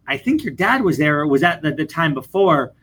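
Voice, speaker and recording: A man's voice: fairly high pitch, very animated, brisk, fairly bright tone, slightly rough, poor audio. A younger man, a therapist, talking earnestly in a casual podcast chat, often restarting his phrases. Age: young adult.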